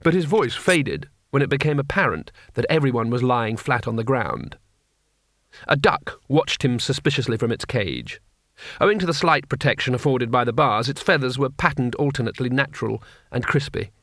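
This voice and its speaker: A man narrating a comic fantasy audiobook in a measured, wry way. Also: medium pitch, big pitch swings, a bit bright, no echo, studio quality. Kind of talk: audiobook reading.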